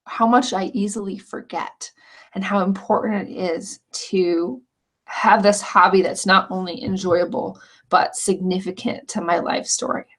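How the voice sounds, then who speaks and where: Woman, online craft teacher, earnest and chatty, mid-pitch voice, restarts sentences. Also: steady tone, unhurried. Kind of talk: casual walkthrough of course lessons.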